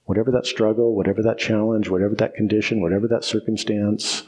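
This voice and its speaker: A man's voice: fairly low pitch, flat delivery, fast, a little mellow. A man preaching a sermon as pastor, emphatic and repetitive, often asking "right?" and restarting phrases.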